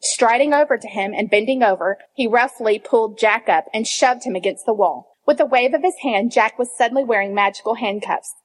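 A woman reading fan fiction aloud, expressive, at times breaking into laughter and asides. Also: a little high, normal speed, hardly any pauses. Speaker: reader.

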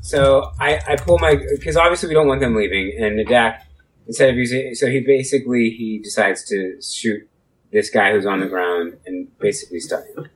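A man at a tabletop game, casually explaining his character's moves. He stops and restarts often as he works his thoughts out. His voice sits at an ordinary middle pitch. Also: breathy edge, low-quality recording. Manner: halting, restarts while explaining. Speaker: player.

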